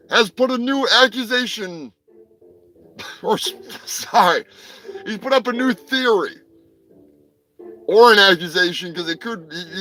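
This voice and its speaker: Profane high-voiced man ranting comedically. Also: low-quality recording. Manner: profane, rambling, bursts into shouting impressions. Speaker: host. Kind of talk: crude comedic news commentary.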